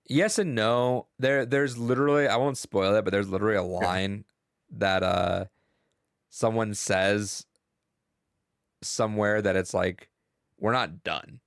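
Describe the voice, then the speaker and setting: A young man co-hosting a podcast, talking about a video game in a rambling, excitable, profane way. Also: on the low side, takes it slowly, long pauses, clear, resonant tone, dry recording, clean studio sound. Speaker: podcast co-host. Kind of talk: casual gaming chat.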